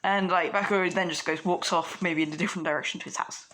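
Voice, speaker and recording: A woman's voice: on the low side, steady tone, fast, a bit bright. A young woman casually improvising a fan story aloud, rambling with many fillers.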